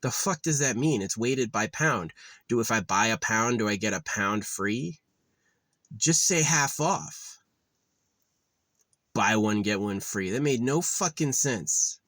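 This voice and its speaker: A man's voice: on the low side, lively intonation, moderate pace, fairly bright tone, no echo. A man vlogging in a casual, rambling rant, swearing often and sounding exasperated. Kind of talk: casual ranting monologue.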